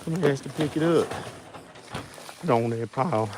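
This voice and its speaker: Rambling man clearing junk, mid-pitched. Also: a little fast, very noisy. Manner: rambling, joking, talks to himself and the viewers. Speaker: video creator. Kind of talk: rambling casual commentary while clearing junk.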